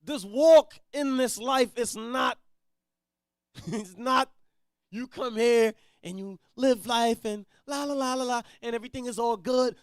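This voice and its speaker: A man with a very high voice teaches from scripture in a blunt, street-style way. He drops to quiet asides, then rises to loud declarations. The sound is dry and close, with no room echo. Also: measured pace, clear, resonant tone. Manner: blunt, preachy, swings from mutters to shouts. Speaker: teacher leading a Bible reading.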